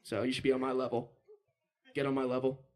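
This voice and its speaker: Male host, mid pitch, flat delivery, loose and joking, live bar stage. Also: fast. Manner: loose, joking, says he is drinking beer. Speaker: show host. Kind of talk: casual stage announcement.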